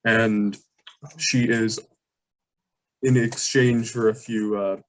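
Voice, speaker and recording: A man running a tabletop role-playing game as game master. His voice sits a little low, and he describes the scene loosely, with plenty of fillers and restarts. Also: fairly even intonation, slow.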